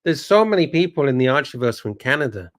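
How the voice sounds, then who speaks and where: A man's voice: medium pitch, big pitch swings, fast talker. A man co-hosting a livestream, bantering casually and reacting with swearing and exclamations. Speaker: livestream co-host.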